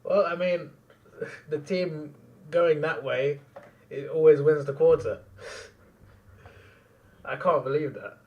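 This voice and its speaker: A young man reacting live to a football match, excitable and quick to laugh, sometimes trailing off into mumbles. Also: a little high, distant mic, dull audio.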